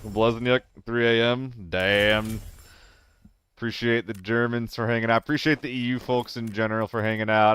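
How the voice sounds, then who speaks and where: A man streaming a game live, chatting casually with viewers, laughing often and swearing when he gets excited. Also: medium pitch, normal speed, smooth, dry recording. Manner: excitable, laughing and swearing between relaxed chat.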